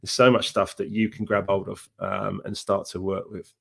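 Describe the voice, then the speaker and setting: A man's voice: sits low, little pitch movement, normal speed, creaky, slightly rough. A man with a Cockney accent, a success coach chatting upbeat and casually to viewers on a live stream. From England. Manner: upbeat, chatty, many fillers.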